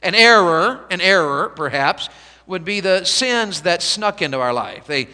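A man preaching a revival sermon. He swings from hushed, slow pleading to loud, high-pitched exhortation. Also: lively intonation, in a large hall. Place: church sanctuary.

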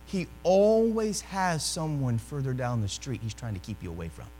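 A male preacher delivering a sermon, telling a story animatedly and swinging from loud to hushed. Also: mid-range voice, lively intonation, moderate pace, long reverb tail, a little hiss or hum.

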